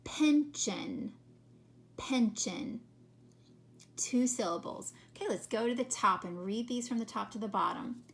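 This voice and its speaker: A woman teacher leading a children's phonics lesson, slowly sounding out words and counting syllables. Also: a little high, a bit bright. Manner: slow, carefully sounding out words.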